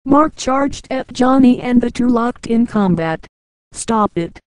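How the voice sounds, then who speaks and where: A woman reading a novel aloud as an audiobook narrator, in a measured, even way, dropping lower for the men's lines. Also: no room sound, low-quality recording. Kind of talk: audiobook narration with light character voices.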